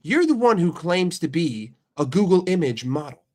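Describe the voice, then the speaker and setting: A man's voice: a little high, big pitch swings, normal speed. An American man with a blocked nose from a cold, bantering with his chat in a brash, profane, mock-outraged way. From United States. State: sick with a stuffy nose. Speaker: streamer answering chat. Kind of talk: casual livestream chat.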